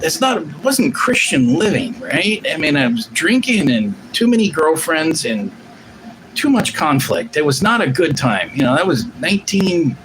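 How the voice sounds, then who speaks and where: Man in his forties, live-stream host, lively swooping delivery, profane rambler, faint hiss behind. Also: on the high side. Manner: rambling, profane, restarts often. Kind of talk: casual live-stream chat.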